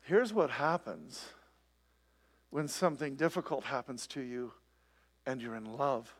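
A man's voice: mid-range voice, measured pace, breathy edge. A man preaching a sermon to a live congregation, talking conversationally and asking many rhetorical questions. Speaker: pastor. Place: church, before a live congregation.

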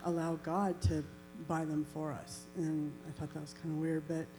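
A woman's voice: low-pitched, little pitch movement, moderate pace, music in the background, low-quality recording. A woman earnestly sharing a personal faith testimony in a reflective way. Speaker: church member giving a testimony. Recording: faint electrical hum.

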